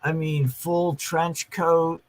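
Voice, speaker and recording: Slow talking guy, calm, lots of um and you know, telling the facts. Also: a little high, poor audio. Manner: measured, explains facts with ums and you-knows. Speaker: podcast co-host. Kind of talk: casual true-crime chat.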